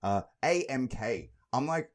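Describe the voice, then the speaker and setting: A man's voice: medium pitch, measured pace. A young man, co-hosting a podcast, telling stories casually with lots of swearing and laughter. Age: young adult. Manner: swearing, laughing, animated storytelling. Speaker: podcast co-host. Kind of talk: casual chat, storytelling.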